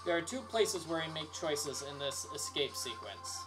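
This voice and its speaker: A man's voice: a little high, very animated, normal speed, music in the background. A man livestreaming a game he made, joking and commenting while he reads the characters' lines aloud. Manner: joking, playful, reads all the characters himself. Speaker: game developer streaming his own game.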